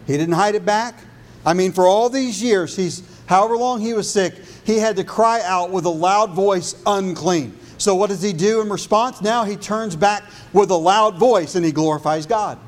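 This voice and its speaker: High-voiced pastor preaching. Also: male voice, normal speed. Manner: rhythmic preaching, repeating phrases, dropping low and soft for emphasis. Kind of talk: sermon.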